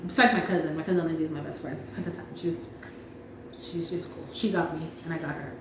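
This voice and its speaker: A woman's voice: deep voice, steady tone, fast. A young woman chatting casually with a friend, laughing often and acting out quotes with animation. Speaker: podcast host. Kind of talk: casual chat. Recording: echoey room with faint background noise.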